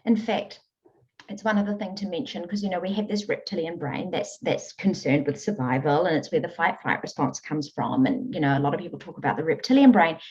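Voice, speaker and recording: A woman coach telling stories in an interview, earnest and animated. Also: deep voice, fairly quick. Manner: earnest, animated storytelling with frequent laughs. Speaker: guest, emotional eating coach. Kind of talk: conversational interview. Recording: dull lo-fi audio.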